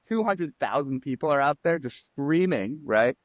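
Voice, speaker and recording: A man telling personal stories as a podcast guest, animated and acting out quotes. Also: mid-range voice, moderate pace, dry recording. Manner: animated storyteller, acts out quotes and sound effects. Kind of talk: storytelling in a podcast interview.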